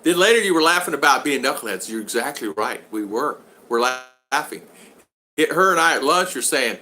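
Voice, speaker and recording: Older man, rambling live-stream host, reads viewer comments, bright voice. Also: medium pitch, animated, a little fast, a little hiss or hum. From United States. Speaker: vlog host. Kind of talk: casual live-stream chat.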